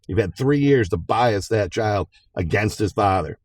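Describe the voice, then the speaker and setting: Stern woman judge, firm and scolding, as a man puts her on; low voice, dry sound. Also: lively intonation, measured pace, a little mellow, no echo.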